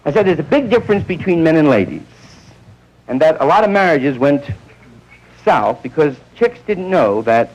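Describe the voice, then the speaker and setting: Man, stand-up comic, gravelly, swooping pitch, rambling delivery, old live film recording. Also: low-quality recording. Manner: rambling, acts out characters with high squeaky voices. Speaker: stand-up comedian. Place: nightclub stage.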